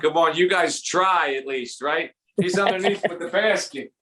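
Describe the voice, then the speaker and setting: Bright-voiced Philadelphia comedian. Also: male voice, a little high. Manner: rambling, jokey, quick impressions. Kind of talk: stand-up comedy at a fundraiser.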